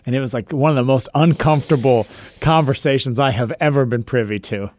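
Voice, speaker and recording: A man co-hosting a podcast, reading listener messages and telling stories in relaxed casual chat. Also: mid-range voice, fairly quick, dry recording.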